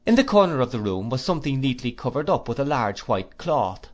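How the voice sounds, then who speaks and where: A man narrates a classic novel for an audiobook. His voice sits at an ordinary pitch, and he reads in a measured, even way with a steady storytelling pace. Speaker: audiobook reader.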